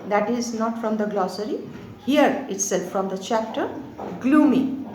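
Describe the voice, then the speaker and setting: Slow dictating teacher, echoey room. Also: female voice, fairly high pitch, lively intonation, background noise. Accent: Indian English. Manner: slow, repeats words and spells them letter by letter. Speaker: school English teacher. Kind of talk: online class dictation.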